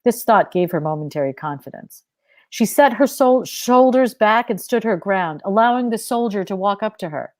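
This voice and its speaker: A woman's voice: medium pitch, expressive, moderate pace, a little mellow, dry recording. Woman reading her fiction aloud, dry sound.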